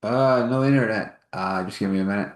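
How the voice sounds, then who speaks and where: A man's voice: on the low side, brisk, roomy sound, close to an everyday voice. A man voicing a friendly middle-aged band chief who runs the office and has a hurt back. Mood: busy, friendly.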